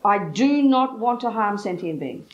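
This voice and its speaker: An older woman from England with an English accent, a Buddhist teacher telling a story bluntly and lively, pausing for an interpreter. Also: medium pitch, muffled recording, a little hiss or hum.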